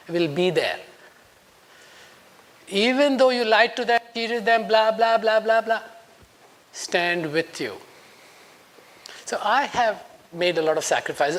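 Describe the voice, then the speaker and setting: In a personal conference talk, a speaker in their fifties from India, with an Indian English accent, alternates reflective passages with quoted dialogue acted out in a raised voice. The voice is medium-pitched and slightly bright.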